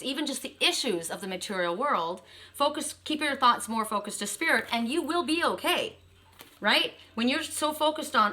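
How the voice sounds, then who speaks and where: A woman's voice: fairly high pitch, pushed and bright. A woman doing a casual spiritual card reading, chatty and emphatic, often checking in with "right?". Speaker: tarot card reader.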